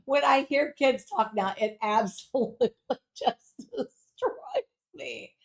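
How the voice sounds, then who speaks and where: A middle-aged woman hosts a live jewelry sale with a chatty, playful energy. She talks straight to her viewers, reads their comments aloud and keeps the pitch lively and personal. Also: takes it slowly, vocal fry. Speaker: home shopping host.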